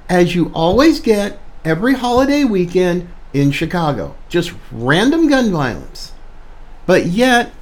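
A podcast host rants through an opinion monologue, hammering points home by repeating them. The delivery is slow and deliberate. The pitch swings widely as the indignation builds. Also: a little mellow. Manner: emphatic, repeats phrases for stress; indignant, ranting.

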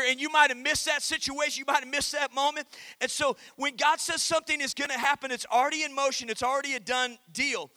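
A man pastor preaching a sermon, calling out to the congregation and reading scripture with emphatic pauses. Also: very high-pitched, sharp tone, no echo. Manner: emphatic preaching with call-and-response.

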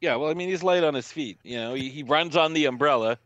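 A young man co-hosting a casual movie podcast, animated and acting out scenes in mocking voices. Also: a little high, quick pace, dry recording, lo-fi sound. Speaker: podcast co-host. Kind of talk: casual movie review chat.

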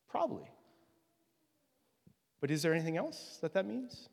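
A man's voice: on the high side, very animated, moderate pace, creaky, pauses often. A male pastor giving a conversational sermon, swelling to emphatic peaks as he drives his points home. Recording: long hall reverb.

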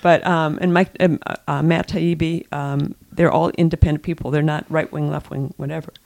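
A woman co-host speaks in casual political chat with a gravelly, creaky texture. She is emphatic and often repeats and restarts her phrases as her thoughts build. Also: low-pitched, steady tone, moderate pace, a little mellow. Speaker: co-host and columnist.

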